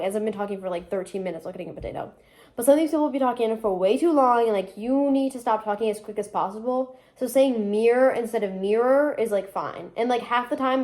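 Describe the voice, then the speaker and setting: A woman's voice: a little high, dark tone. Rambly young Michigan woman cooking. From Michigan, USA. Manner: rambling, chatty, frequent "like" fillers. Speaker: vlogger. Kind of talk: casual cooking vlog chat. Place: home kitchen, indoors. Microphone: phone propped on the counter.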